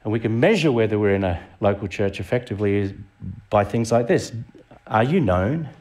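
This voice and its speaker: A middle-aged Australian man, a visiting preacher, delivers a sermon conversationally, putting rhetorical questions to the congregation. His voice is lowish, expressive and a little mellow, and he speaks slightly fast.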